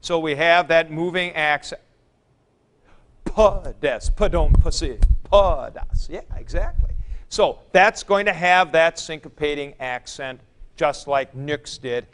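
A man's voice: fairly high pitch, slow, a bit bright, a little hiss or hum. A man teaching a classroom lecture, patiently explaining step by step and repeating forms aloud at the board. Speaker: Greek teacher.

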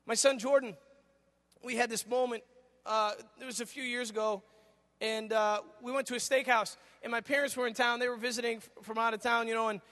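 A middle-aged man preaching a sermon as a pastor, an animated storyteller who acts out dialogue. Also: very high-pitched, a little fast. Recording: long reverb of a large hall.

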